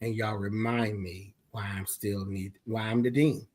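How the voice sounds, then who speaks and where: Animated older man, dean speaking. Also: fairly low pitch, measured pace. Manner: animated, emphatic storytelling with humor. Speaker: dean of the school of theology. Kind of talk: conversational remarks to graduates.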